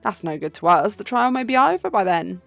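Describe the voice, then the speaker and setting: Woman reading a measured bird attorney. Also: fairly high pitch, animated, soft background music. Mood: polite. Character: composed male bird attorney, lead investigator. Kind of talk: game playthrough read-aloud.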